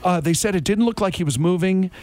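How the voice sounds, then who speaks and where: Animated male morning radio host. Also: high voice, no echo. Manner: animated, joking, quick asides. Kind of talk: casual radio chat.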